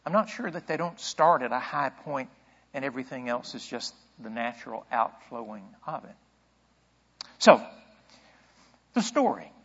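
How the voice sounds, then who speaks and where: A pastor preaching a sermon in a conversational way, asking rhetorical questions and thinking aloud. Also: male voice, mid-range voice, lively intonation, moderate pace, long pauses, a bit bright, breathy edge, long reverb tail, lo-fi sound.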